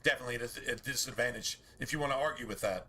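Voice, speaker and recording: A man's voice: mid-range voice, very fast, sharp tone. A man streaming a game, talking in a casual, profane, preachy rant full of rhetorical questions.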